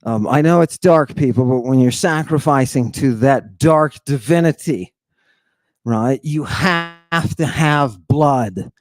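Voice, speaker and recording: A man giving an informal lecture on ancient texts in a theatrical way, swinging between hushed, dark asides and excited outbursts. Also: mid-range voice, takes it slowly, no room sound.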